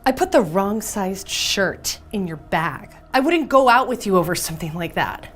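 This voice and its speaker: A woman's voice: medium pitch, animated, moderate pace, a bit bright. A woman playing a nervous shop clerk who stammers and hesitates under pressure. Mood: flustered. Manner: flustered, hesitant.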